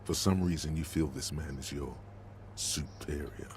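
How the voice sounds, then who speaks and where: Cavernous game inner-voice narrator, grave and measured, background noise. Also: male voice, a bass voice, fairly even intonation. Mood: ominous. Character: man's deep inner voice of a detective's mind.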